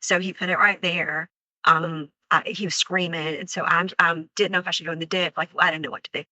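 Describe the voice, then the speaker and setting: A woman recounting a frightening attack in an unscripted interview, halting and full of fillers, acting out what was said. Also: fairly low pitch, fairly even intonation, bright, forceful tone, no room sound, lo-fi sound. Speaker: crime survivor recounting an attack.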